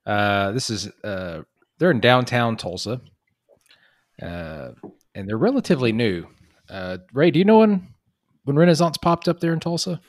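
A man co-hosting a casual beer tasting, talking in a relaxed way with plenty of fillers. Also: medium pitch, moderate pace, pauses often, no room sound, clean studio sound. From Kentucky. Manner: relaxed, filler-heavy talk. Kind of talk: casual chat.

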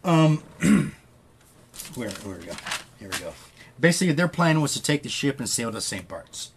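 A man's voice: mid-range voice, big pitch swings, moderate pace, a little hiss or hum. A man hosting a podcast, casually retelling a story with loose quoted dialogue and frequent swearing. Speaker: podcast host.

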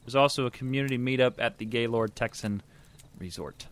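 A man's voice: mid-range voice, brisk. A man co-hosting a casual gaming podcast, chatty and upbeat as he reads out game news. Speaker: podcast co-host.

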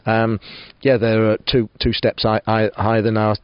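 A man's voice: lowish voice, little pitch movement, normal speed, clear, resonant tone, no echo, highs cut off. A man managing a football club, giving a post-match interview, full of restarts and fillers. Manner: hesitant, many restarts and fillers.

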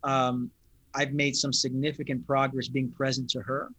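A man, a pastor, talking in an interview in an earnest, thoughtful, unhurried way. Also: medium pitch, flat delivery, fairly bright tone, slightly rough, no room sound. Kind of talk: reflective interview talk.

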